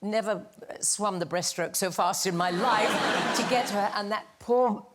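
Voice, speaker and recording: An older woman telling an anecdote as a talk show guest, animated and acting out the lines she quotes. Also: medium pitch, normal speed, a loud crowd, very noisy. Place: TV studio with live audience.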